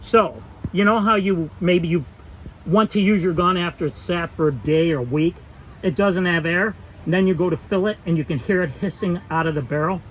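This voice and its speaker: A man with a fairly high voice delivers a heated, aggravated rant to camera about his airgun. His delivery is emphatic and worked up. Faint noise hums under the recording. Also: normal speed, fairly bright tone, dull audio. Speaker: airgun channel host.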